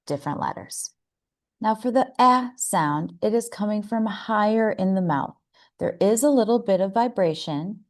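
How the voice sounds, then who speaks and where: An American woman gives a pronunciation lesson in a measured, unhurried way. Her voice sits slightly low for a woman, and she slows down further to demonstrate each vowel with care. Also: a little mellow. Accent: General American. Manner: slow, careful, demonstrating sounds. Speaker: English pronunciation teacher. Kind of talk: scripted instructional lesson.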